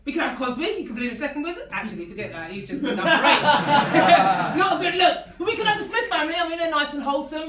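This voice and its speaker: A high-pitched woman works through a stand-up set, laughing along with her own lines. She is caught from far back in a reverberant venue. Steady noise sits under her voice. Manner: laughs at her own jokes, many "I mean" fillers. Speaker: stand-up comedian. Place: comedy venue with live audience. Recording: echoey room recorded from afar, noisy.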